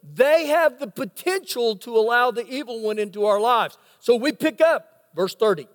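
A man's voice: very high voice, lively intonation, normal speed. A male pastor preaching a sermon, telling a story dramatically and asking rhetorical questions. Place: church sanctuary. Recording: long reverb of a church hall.

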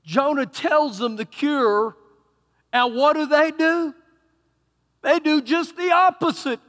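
A Texan man preaching a sermon as pastor, swinging between loud emphatic bursts and quieter asides. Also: very high-pitched, takes it slowly, pauses often, in a large hall. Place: church sanctuary.

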